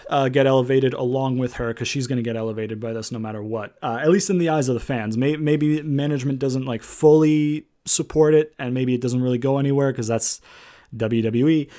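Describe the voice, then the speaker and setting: A man's voice: medium pitch, mellow. A man giving a casual recap of a wrestling show, rambling with many fillers and restarts.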